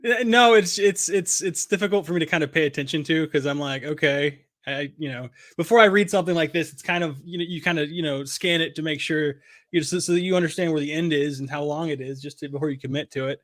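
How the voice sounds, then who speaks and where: A man co-hosts a relaxed podcast chat in a slightly high voice. He talks haltingly, stumbling over repeated words and laughing often. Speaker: podcast co-host. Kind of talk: casual chat.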